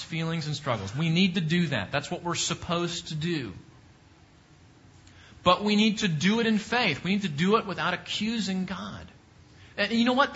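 Guy teaching a bible class, high voice, keeps asking do you see that, kinda dull recording. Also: pushed and bright. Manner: repetitive, emphatic preaching with rising questions.

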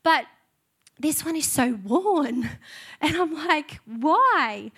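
Woman pastor with a high voice and a sincere, heartfelt delivery for a church testimony. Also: takes it slowly. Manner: earnest, heartfelt. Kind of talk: testimony sermon. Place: church stage.

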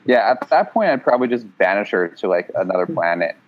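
Lively man on a lo-fi call. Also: on the low side, fast. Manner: playful, laughs often. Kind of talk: casual chat. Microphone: remote call line. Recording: lo-fi remote call audio.

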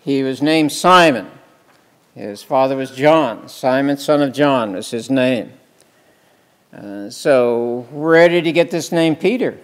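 Slow-preaching man in an echoing hall. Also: medium pitch. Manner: slow, emphatic preaching with questions to the congregation. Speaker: pastor. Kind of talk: sermon. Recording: long reverb in a hall.

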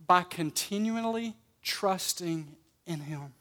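Speaking slowly in a high-pitched voice, a pastor delivers an emphatic sermon at a church service, moving between loud and soft passages and repeating words at the start of his phrases.

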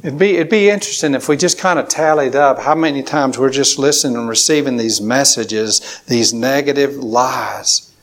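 A man's voice: mid-range voice, normal speed. A man preaching a sermon to a congregation, emphatic, with repetitions and call-and-response. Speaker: pastor.

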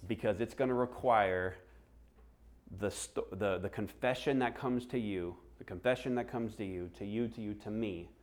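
A man's voice: lowish voice, moderate pace. A middle-aged man preaching a sermon, telling stories and acting out the voices of people he quotes. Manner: animated storytelling, acts out quoted voices. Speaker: pastor.

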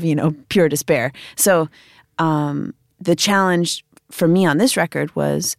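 Low, gravelly Midwestern woman. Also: darkish tone, no echo, clean studio sound. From Chicago, US. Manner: rambling, thinks aloud in loose winding sentences. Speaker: musician guest. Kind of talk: casual interview talk.

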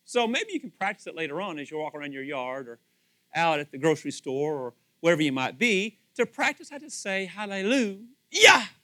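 A man's voice: fairly high pitch, very animated, fairly quick, pushed and bright. A middle-aged man preaching a sermon as pastor, asking the congregation rhetorical questions and acting out quoted voices.

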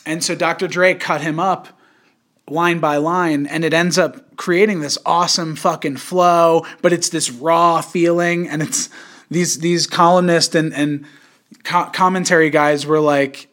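A young man talks loosely on a casual podcast, his voice sitting a little high for a man. He rambles and restarts, with plenty of fillers and casual swearing. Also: fairly even intonation, a little slow, fairly bright tone. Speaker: podcast host.

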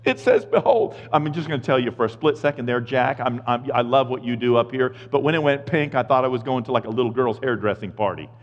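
A man in his fifties preaching a sermon in a casual, jokey way, swinging from hushed asides to shouted lines. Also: medium pitch, quick pace, few pauses. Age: 50s. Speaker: pastor. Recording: muffled sound with long hall reverb.

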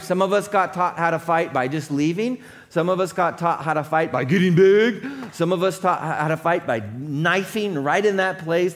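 A man's voice: sits high, fairly bright tone. A man preaching a sermon as pastor, conversational and often checking in with his congregation.

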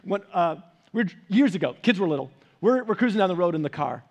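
A man's voice: sits high, animated, a little fast, a little mellow. A man pastor giving a casual, conversational sermon, often repeating and restarting words.

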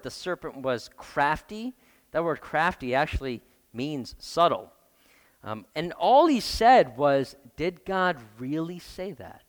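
A man's voice: on the high side, smooth, in a large hall. A man preaching a sermon as pastor, emphatic, often putting questions to the congregation. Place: church.

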